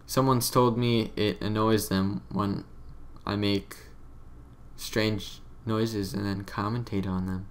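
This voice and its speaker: A man's voice: on the low side, steady tone, unhurried. A young man giving casual, rambling commentary over his own game footage, offhand and self-deprecating. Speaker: let's play commentator.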